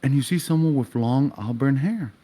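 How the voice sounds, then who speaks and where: A young man runs a tabletop game, painting each scene in loose, casual narration. He talks at an everyday pitch and drops curses freely as the action builds. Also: normal speed, warm tone. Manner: vivid, casual narration with swearing. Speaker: game master.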